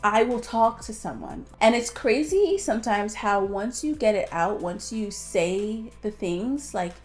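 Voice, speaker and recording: A woman's voice: medium pitch, expressive, a little slow, faint music behind. Chatty woman vlogger, lots of "like". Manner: chatty, heavy use of "like", light self-laughing. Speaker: motivational vlogger. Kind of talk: casual talk to camera.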